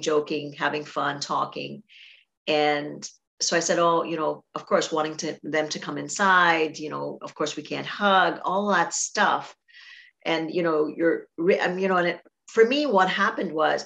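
A woman hosting a podcast speaks in a very low voice with plenty of gravel. Her telling is rambling and emotional, full of restarts and asides. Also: a bit bright. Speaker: podcast host. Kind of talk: casual interview chat.

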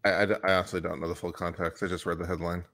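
A man's voice: low voice, flat delivery, rapid-fire, a bit bright. A man co-hosting a casual stream, trading dry, teasing remarks. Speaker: co-host. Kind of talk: casual banter.

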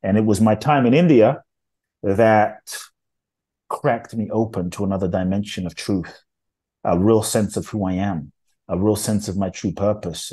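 A man's voice: on the low side, warm tone, husky. A middle-aged man, an interview guest, telling his life story in an intense, earnest, emphatic way. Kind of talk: storytelling in conversation.

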